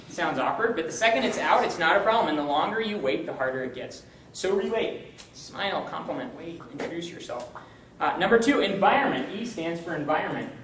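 A man's voice: a little high, distant mic. Upbeat young man teaching a group, roomy sound. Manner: upbeat, joking, animated. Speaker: campus ministry speaker. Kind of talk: informal teaching talk. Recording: roomy, from the mic, faint hum.

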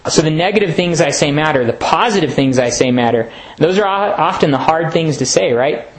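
A man's voice: on the high side, lively intonation, fairly quick, low-quality recording. A young man giving a casual, earnest sermon to a men's retreat, conversational and often laughing. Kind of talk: sermon talk.

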